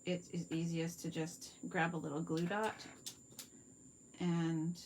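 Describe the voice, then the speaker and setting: A woman's voice: fairly low pitch, flat delivery, takes it slowly, a little mellow, a little hiss or hum. A Canadian woman hosting a live craft tutorial, chatting viewers through each step at her workspace and answering their comments. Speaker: card-making demonstrator.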